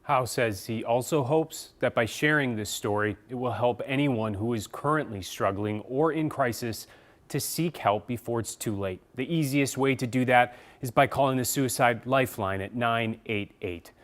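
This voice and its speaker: A man's voice: medium pitch, normal speed. A male news reporter speaking conversationally in a live studio news segment. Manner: conversational, explanatory.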